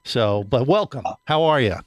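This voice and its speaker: A man's voice: mid-range voice, expressive, normal speed, no room sound, studio quality. A man hosting a podcast in a chatty, joking way, with many uhs. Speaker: podcast host.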